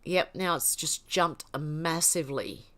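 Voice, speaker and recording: A woman's voice: deep voice, measured pace, fairly bright tone. A woman hosting a casual livestream, reading chat comments aloud and laughing often. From Australia.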